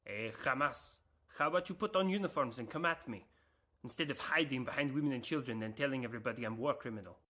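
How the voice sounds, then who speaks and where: A man's voice: medium pitch, quick pace, bright, forceful tone, voice pushed down. A man voicing Israel as a blunt, tough male figure with an Israeli accent, speaking in a clipped way. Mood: defiant.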